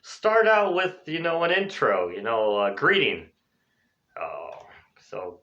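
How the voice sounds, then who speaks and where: A man teaches an English lesson in an energetic, conversational way and pops his voice up high when he models the example phrases. His voice sits at an ordinary pitch for a man. The recording sounds a little dull and lo-fi. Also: takes it slowly. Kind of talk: classroom explanation. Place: lives in Spain.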